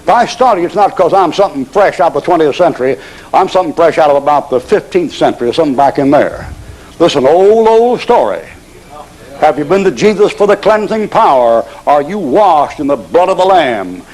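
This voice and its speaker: A folksy preacher, a man with a fairly high voice, spinning a sermon story. He slips into the characters' voices as he goes and chuckles along. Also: lively intonation, fairly quick, a little mellow, low-quality recording.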